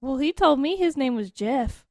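A woman co-hosting an improvised comedy chat, telling a goofy tall tale with drawn-out words. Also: high-pitched, lively intonation, a little mellow, no echo, clean studio sound. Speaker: co-host.

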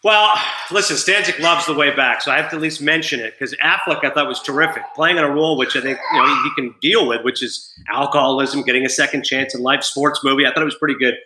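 A man's voice: mid-range voice, fast talker, few pauses, reverberant, noisy background. A man from Canada chatting as a guest on a sports talk show, animatedly acting out quotes in his stories. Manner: animated storyteller, acts out quotes. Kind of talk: casual chat.

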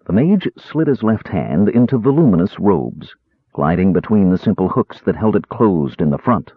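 Man, audiobook narration, low husky voice, lively pitch, tinny dry sound. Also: moderate pace, no echo. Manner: expressive, varied delivery. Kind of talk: scripted narration. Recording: thin phone-like audio.

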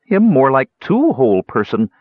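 A woman's voice: very deep voice, very animated, moderate pace, no echo, pitched above the performer's own voice, exaggerated voice. A male narrator voicing a simple-minded female gully dwarf who talks in broken grammar, in a dull, dry lo-fi recording. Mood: awed.

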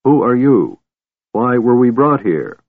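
A man's voice: medium pitch, sing-song, a little slow, voice pushed up. A man doing a tense, demanding half-elf warrior. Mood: harsh. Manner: urgent, demanding questions. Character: tense, driven male half-elf warrior, quick to anger. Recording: narrow phone-like band, dry.

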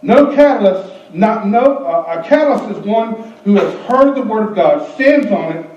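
A male pastor delivers a lively, joking sermon, gasping for effect and slipping into acted voices. His voice sits high, heard from a distant mic in an echoey church with a dull, muffled tone. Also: moderate pace. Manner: animated, gasping, comic preaching with acted-out voices.

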